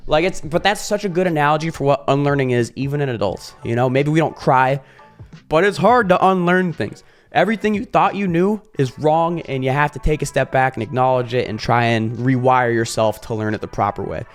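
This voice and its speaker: A male YouTuber talking in a casual vlog monologue, animated, swearing freely and acting out little scenes. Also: mid-range voice, brisk, faint music behind.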